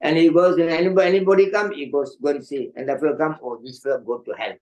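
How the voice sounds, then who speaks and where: Older guy monk telling stories at evening class, animated, acts out the voices, keeps saying you know. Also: fairly high pitch, quick pace, low-quality recording. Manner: animated storyteller, acts out voices, laughs often, many "you know" fillers. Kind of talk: storytelling sermon.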